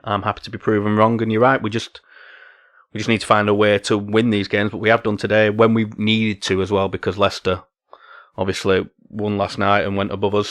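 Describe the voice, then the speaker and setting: A man's voice: on the low side, fairly bright tone, no room sound, studio quality. A man co-hosting a football podcast, chatting casually with many tag questions. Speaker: podcast co-host.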